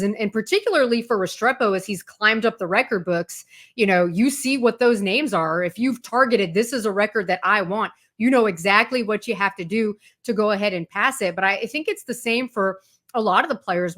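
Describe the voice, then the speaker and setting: Woman, sports reporter, interview guest, fluent, detailed, animated storytelling. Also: mid-range voice, fairly quick. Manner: fluent, detailed explaining with lively retold anecdotes. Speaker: college football reporter, guest.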